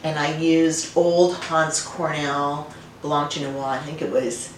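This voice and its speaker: Slow and low, with fairly even intonation, a middle-aged woman winemaker tells family stories as a guest in a casual interview. Her warm storytelling is full of fillers and restarts, and the recording sounds roomy and distant with faint noise.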